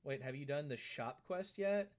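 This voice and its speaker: A man's voice: on the high side, lively intonation, normal speed. Chatty male streamer answering his chat. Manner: chatty, reads and answers chat aloud, repeats phrases. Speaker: live streamer. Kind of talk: casual live-stream chat.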